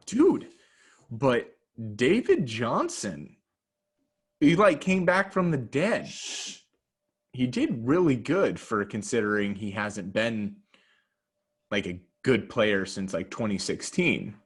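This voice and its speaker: A man's voice: mid-range voice, slow pace, pauses often, slightly rough. A man co-hosting a casual podcast, trading jokes and banter. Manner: animated, jokey banter. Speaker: podcast co-host. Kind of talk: casual chat.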